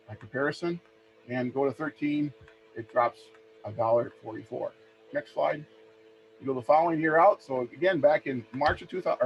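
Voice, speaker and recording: A man from Minnesota, calmly presenting price charts in a webinar and asking for each next slide. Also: fairly high pitch. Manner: plain, steady walk-through of price charts, asks for next slide often. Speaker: extension educator presenting a webinar. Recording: dull lo-fi webinar audio with faint hum.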